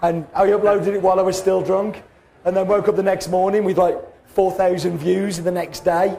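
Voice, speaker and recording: A man with a hoarse, fading voice, telling stories in a casual, self-mocking way as a podcast host. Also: high-pitched, level tone, moderate pace, warm tone. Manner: chatty, self-mocking storyteller, acts out quotes. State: hoarse, voice going. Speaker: podcast host and coffee roaster. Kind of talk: casual chat.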